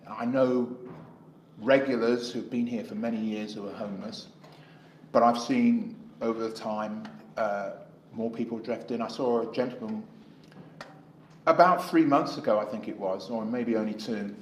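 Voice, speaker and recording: A man's voice: lowish voice, fairly even intonation, moderate pace, a little hiss or hum. Rambling English man, echoey street. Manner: rambling, acts out dialogue in anecdotes. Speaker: independent election candidate. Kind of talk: interview answers.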